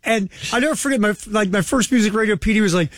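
A man working as a radio DJ, with a gravelly voice, joking offhand in casual banter. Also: sits high, fast, a bit bright, no room sound, studio quality.

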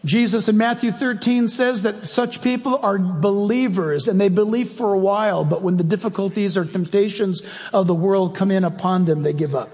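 A man's voice: high-pitched, moderate pace, a little mellow, in a large hall. A male preacher giving an emphatic, conversational sermon and asking the congregation direct questions.

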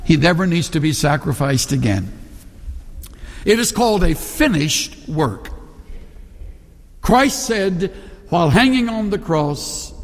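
High-voiced preacher in a reverberant space. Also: male voice, sing-song, unhurried, pauses often. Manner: earnest preaching with emphatic quoted scripture. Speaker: pastor. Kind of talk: sermon.

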